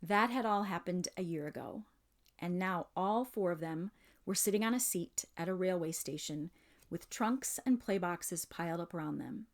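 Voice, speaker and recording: A woman reading a children's novel aloud in measured, expressive narration. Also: on the low side. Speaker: reader. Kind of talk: storybook read-aloud.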